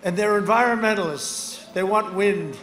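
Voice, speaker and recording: An older man in his seventies giving a rambling rally speech outdoors, repeating himself and swinging between shouted lines and low asides. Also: normal speed. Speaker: politician speaking at a rally. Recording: echoey outdoor rally with crowd ambience.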